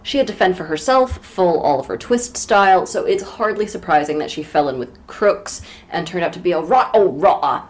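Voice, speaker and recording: Woman podcast co-host, lowish voice, wry and casual. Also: lively intonation, normal speed, hardly any pauses. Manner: wry, joking asides. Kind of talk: casual book discussion.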